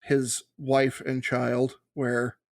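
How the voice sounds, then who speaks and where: A man from Minnesota co-hosting a casual movie podcast, telling a story in a deadpan, mock-earnest way. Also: mid-range voice, extremely slow, creaky. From Minnesota, USA. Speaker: podcast co-host.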